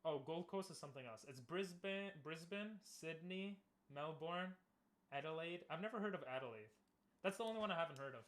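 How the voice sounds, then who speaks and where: A man's voice: a little high, expressive, a little fast, a bit bright. A man streaming, chatting casually and easygoingly with his viewers, laughing often.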